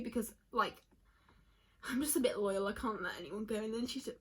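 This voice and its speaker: A young woman talks in a loose, rambling vlog style, reading answers aloud and welling up easily. Her voice is bright and a little breathy, slightly high for a woman. Faint music sits underneath. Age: young adult. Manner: chatty, rambling, quick to tear up. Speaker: vlogger.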